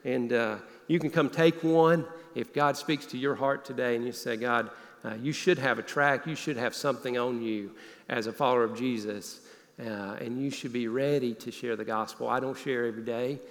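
A man preaching a sermon, telling a personal story in an earnest voice that often drops low and quiet. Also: fairly even intonation, normal speed. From Northeast Alabama. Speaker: pastor. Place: church sanctuary. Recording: long hall reverb.

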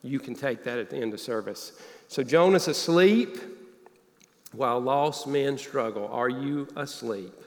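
Guy preaching, storytelling, goes quiet and earnest, church hall echo, mid pitch. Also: unhurried. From Northeast Alabama. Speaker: pastor. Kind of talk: sermon. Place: church sanctuary. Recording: long hall reverb.

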